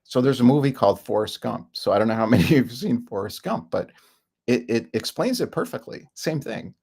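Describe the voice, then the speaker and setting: A middle-aged man talks through his thoughts in a loose, rambling way and chuckles often between remarks. His voice is gravelly, with a husky edge. He sits at an ordinary middle pitch. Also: lively intonation, a little fast, a little mellow. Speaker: self-help speaker. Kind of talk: casual rambling talk.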